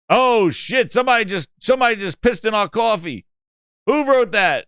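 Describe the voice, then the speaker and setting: A man hosting a gaming channel in casual commentary, excitable and joking, swearing freely. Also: high voice, a little slow, clear, resonant tone, no echo, studio quality.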